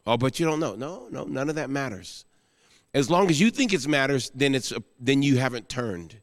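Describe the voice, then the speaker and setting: A guest pastor preaching an emotional sermon, rising to exclamations and then falling soft into prayer. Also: male voice, medium pitch, lively intonation, moderate pace, in a large hall.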